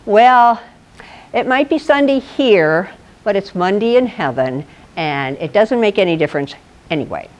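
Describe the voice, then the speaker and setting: A woman's voice: medium pitch, expressive, a little slow, darkish tone, lightly acted. A woman voicing a wood chopper who brushes off a scolding in a dismissive tone. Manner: dismissive, offhand. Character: unbothered male wood chopper, shrugging.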